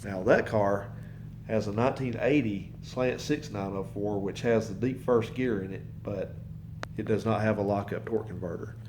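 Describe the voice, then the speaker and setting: A man with a low-leaning voice talks at a moderate pace against a noisy background. He's a mechanic and channel host, casually spinning a long, folksy, rambling tale to the camera from his home garage and repeating himself as he goes.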